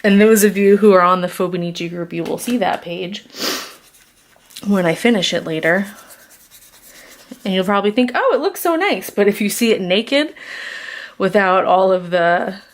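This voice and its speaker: A woman's voice: medium pitch, steady tone, normal speed, long pauses. A woman chatting casually as she works through a craft tutorial, rambling with self-deprecating asides, recorded on a camera's built-in mic. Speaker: craft vlogger.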